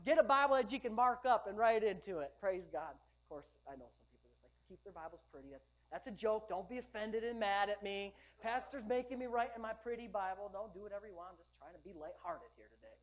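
A woman's voice: mid-range voice, lively intonation, fast, few pauses. A woman pastor preaching a sermon, rhythmic and emphatic, with lighthearted asides to the congregation.

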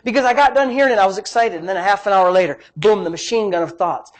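A man's voice: high-pitched, fast talker. A male pastor preaching a sermon in an emphatic, repetitive way, often breaking in with praise. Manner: emphatic, repetitive, frequent "praise God" interjections.

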